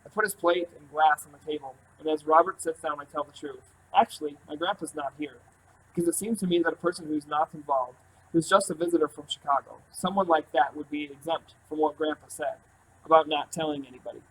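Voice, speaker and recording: Calm male audiobook narrator. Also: a little high, a little fast, slight background noise, poor audio. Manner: calm, even storytelling. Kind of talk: first-person audiobook narration.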